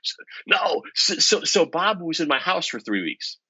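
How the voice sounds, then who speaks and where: Middle-aged guy telling stories, bright husky voice, dull lo-fi sound. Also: a little high, moderate pace, dry recording. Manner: animated, self-deprecating storyteller. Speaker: guest, economics professor. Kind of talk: storytelling in conversation. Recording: dull lo-fi podcast audio.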